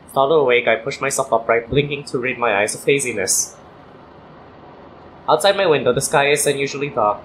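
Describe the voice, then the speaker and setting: A man with a worn-out, hoarse voice casually reading a visual novel aloud for a let's play, with apologetic asides. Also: medium pitch, a bit bright, a little hiss or hum. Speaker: gaming YouTuber.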